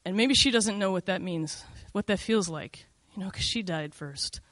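A woman's voice: mid-range voice, normal speed, fairly bright tone, no echo. A middle-aged woman telling a first-person story in a candid, conversational way, full of "like" and "you know".

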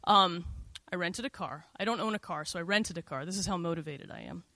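A woman's voice: fairly low pitch, fairly quick, bright, forceful tone, dry recording. A middle-aged woman telling a first-person story in a candid, conversational way, full of "like" and "you know".

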